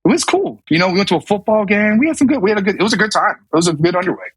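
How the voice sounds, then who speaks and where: A man's voice: high voice, lively intonation, very fast, a bit bright, slight background noise, low-quality recording. A man in his thirties, a navy command master chief and podcast guest, telling a story casually with many restarts and acted-out quotes. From US South.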